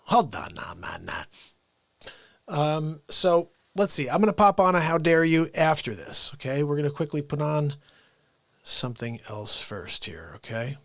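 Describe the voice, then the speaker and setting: A man's voice: fairly high pitch, big pitch swings, unhurried, gravelly, dry recording. A man hosting a casual livestream, rambling playfully and often dropping into whispered asides. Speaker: livestream host.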